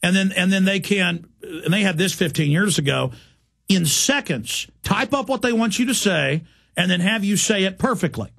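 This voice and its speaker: Middle-aged male radio host, raspy high voice, intense monologue. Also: lively intonation, normal speed, a bit bright. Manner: urgent, emphatic, with frequent restarts. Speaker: radio talk show host.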